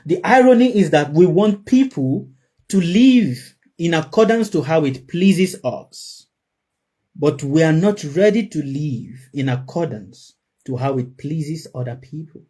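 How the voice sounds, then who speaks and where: Male spiritual teacher, sermon delivery, high and animated, emphatic repeats. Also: a little slow, slightly rough. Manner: emphatic, repeats phrases for effect. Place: before a live audience.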